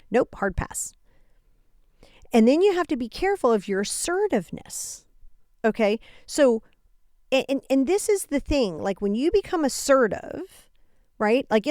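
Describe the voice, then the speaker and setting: A woman talks through self-help advice in a loose, conversational way and keeps acting out short back-and-forth exchanges. Her voice sits a little high. The recording is dry and close, with no room sound. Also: dry recording. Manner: animated, acts out quoted exchanges, frequent asides. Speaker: podcast host. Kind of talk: casual self-help talk.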